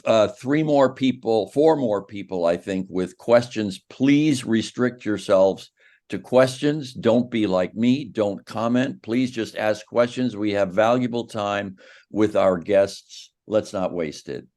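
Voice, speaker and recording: Slow, low-voiced man moderating a forum. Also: darkish tone. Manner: apologetic, hesitant, with many fillers.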